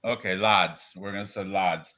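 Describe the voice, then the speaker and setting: Man, betting show co-host; bright, forceful voice, rambling casual delivery, dull lo-fi stream sound. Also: medium pitch, expressive, moderate pace. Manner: rambling, lists fighters, stumbles over names. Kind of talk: casual live-stream sports betting chat.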